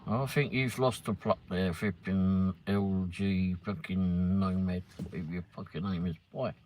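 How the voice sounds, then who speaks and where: A man's voice: low-pitched, steady tone, measured pace, darkish tone. A man hosting a casual live stream, chatting to viewers by name and swearing freely. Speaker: livestream host. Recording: noisy, with vehicle noise behind.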